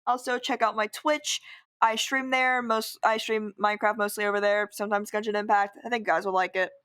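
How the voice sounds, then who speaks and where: A woman's voice: medium pitch, level tone, brisk, a bit bright, clear, resonant tone. A teenage girl telling a storytime anecdote over gameplay footage, full of "like" and "I'm like". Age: teens. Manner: chatty, lots of "like" and "I'm like". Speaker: gaming vlogger.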